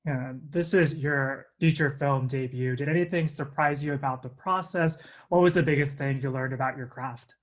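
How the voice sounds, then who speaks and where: A man interviewing a young actor, asking upbeat, steady questions. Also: medium pitch, normal speed, hardly any pauses.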